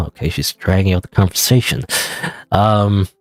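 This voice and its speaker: A young Canadian gaming streamer with a lowish, darkish, sing-song voice talks fairly quickly through casual game commentary. He rambles, pokes fun at himself, and restarts often, recorded in clean studio sound with no echo.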